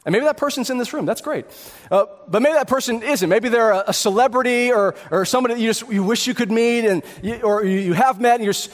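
Earnest high-voiced male pastor preaching. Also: in a large hall. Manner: earnest, builds to emphatic peaks with repeated words. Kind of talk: sermon.

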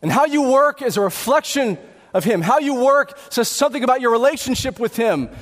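Male pastor, high voice, earnest sermon, long church-hall reverb. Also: lively intonation, fairly quick, a bit bright. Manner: earnest, builds to emphatic peaks with repeated words.

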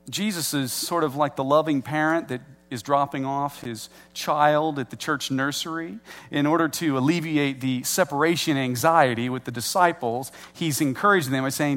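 A middle-aged pastor preaching a sermon in a conversational way, slowing down to stress key words. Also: male voice, mid-range voice, a bit bright.

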